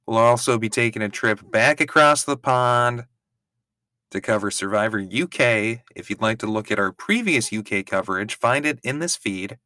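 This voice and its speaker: A man's voice: mid-range voice, pushed and bright, no room sound, studio quality. A man hosting a podcast, chatting casually and wryly with offhand swearing during a watch-along. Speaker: podcast host.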